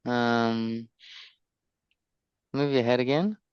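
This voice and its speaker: A man co-hosting a podcast in casual chat, throwing out quick guesses and laughing often. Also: mid-range voice, steady tone, smooth, dry recording. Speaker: podcast co-host. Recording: dull, dry lo-fi sound.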